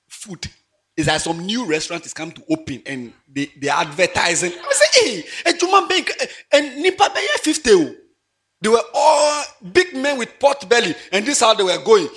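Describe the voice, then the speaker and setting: A man preaching with a high, bright, ringing voice that leaps all over the scale. He jokes and laughs as he goes, shouting one moment and dropping to a near-murmur the next. It sounds like a lively church sermon. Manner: animated and playful, laughing often, swings from loud exclamations to quiet asides. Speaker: pastor.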